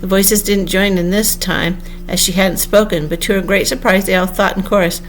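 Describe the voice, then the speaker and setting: A woman narrating a classic storybook aloud as an audiobook, in an expressive, unhurried manner. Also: medium pitch, soft background music. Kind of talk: audiobook reading.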